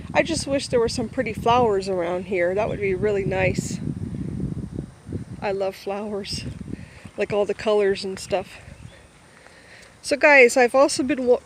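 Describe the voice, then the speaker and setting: A chatty woman from Ohio films herself walking through a park, rambling and laughing between thoughts. She is slightly out of breath as she walks quickly with a handheld phone. Steady wind and outdoor noise wash across the recording. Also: medium pitch. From Boardman, Ohio. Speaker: vlogger. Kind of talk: casual walking vlog. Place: outdoor park, windy day. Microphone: handheld phone camera while walking.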